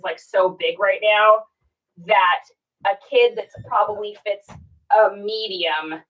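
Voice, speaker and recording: In a rough recording, a clothing reseller talks casually to her livestream viewers and offers listing advice. She is chatty and conspiratorial, with many fillers, and her medium-pitched voice has a slight brightness.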